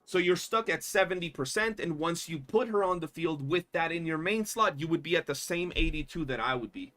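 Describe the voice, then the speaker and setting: A young man livestreaming a game, talking in a loose, animated, slangy way and swearing often. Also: fairly high pitch, fairly quick. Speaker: streamer. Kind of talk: casual gaming livestream chat.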